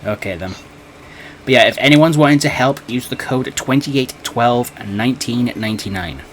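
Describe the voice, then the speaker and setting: A man hosting a live game stream with casual chat, talking in a halting, nervous way with many restarts. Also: mid-range voice, a little hiss or hum.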